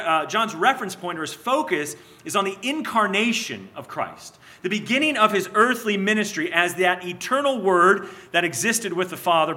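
A man preaching an expository sermon, teaching in a measured way, slowing on key phrases and sometimes restarting his words. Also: sits high, sharp tone. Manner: restarts and repeats words as he goes.

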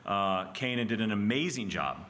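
A man's voice: fairly low pitch, animated, moderate pace, fairly bright tone, slight background noise. A male pastor preaching a sermon in a church, earnest and emphatic, pressing his points with rhetorical questions.

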